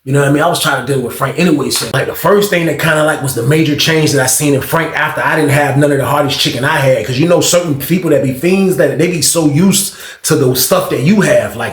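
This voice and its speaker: A man telling a story in a casual, slangy, animated way, acting out the quotes. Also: fairly high pitch. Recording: echoey room.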